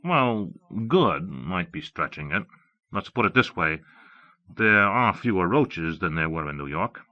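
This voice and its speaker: An uneasy young programmer, hesitant and earnest, as a male narrator puts him on. His lines lift a bit higher than the narration. It comes through dull, lo-fi cassette audio. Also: big pitch swings, a little slow, dry recording.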